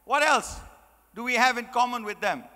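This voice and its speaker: A man's voice: very high-pitched, animated, moderate pace, pushed and bright. A man giving an emphatic motivational speech as a guest speaker, repeating key phrases and asking the audience rhetorical questions. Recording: long hall reverb.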